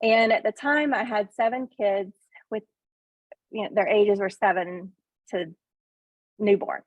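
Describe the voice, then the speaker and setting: A middle-aged woman with a country Southern accent, speaking slowly and haltingly, full of ums and little self-conscious laughs. The sound is thin and tinny, like a phone line, with a dry, close feel. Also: medium pitch, fairly even intonation, dry recording. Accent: Southern US (Northeast Tennessee). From Northeast Tennessee. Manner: hesitant, lots of ums, self-deprecating laughs. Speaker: farmer, coaching student. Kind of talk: casual testimonial on a video call.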